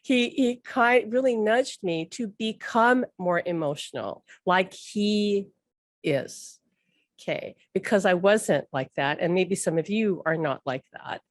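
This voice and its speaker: A woman's voice: mid-range voice, expressive, takes it slowly, no echo. A woman talks as host in a loose, rambling, conversational way, laughing easily and circling back on her words. Her voice sits in an ordinary middle register. It is recorded close and dry, with no room sound. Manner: chatty, rambling, laughs often, lots of "like". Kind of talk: casual spoken talk.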